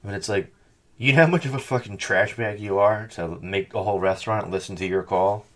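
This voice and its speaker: A man hosting a podcast in casual chat, talking in a profane, animated, mocking way into a headset or phone mic on a call. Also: lowish voice, brisk. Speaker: podcast host.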